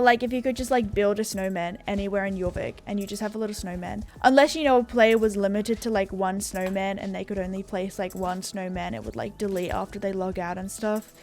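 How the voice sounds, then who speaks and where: A woman with an Australian accent, chatting casually as a gaming YouTuber, rambling and filling her talk with "like" and "you know". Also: medium pitch. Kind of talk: casual chat.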